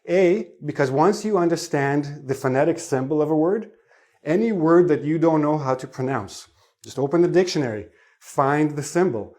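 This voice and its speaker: A man's voice: medium pitch, a little mellow. A man teaching an English pronunciation lesson online, explaining in a chatty way and asking his viewers questions.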